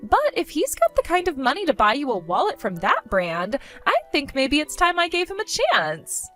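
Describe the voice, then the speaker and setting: A woman's voice: high voice, huge pitch swings, moderate pace, fairly bright tone, faint music behind, full character voice. A woman voicing a spoiled, vain young woman who gloats, insults and giggles in a text-story skit. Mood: mocking.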